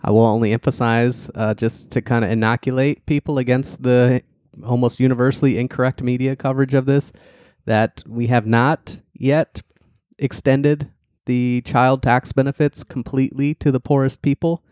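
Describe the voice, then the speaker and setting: A man with a mid-range voice co-hosts a casual podcast. He lays out policy details carefully and breaks them up with deadpan jokes. The recording is close and dry. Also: medium pitch, moderate pace, no echo. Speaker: podcast co-host, policy analyst.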